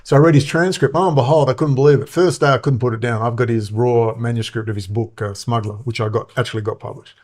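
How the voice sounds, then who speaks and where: A man's voice: mid-range voice, steady tone, fast, hardly any pauses, darkish tone. A middle-aged man, hosting a rambling monologue, heated and full of swearing and filler words. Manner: profane, heated, many fillers. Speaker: show host.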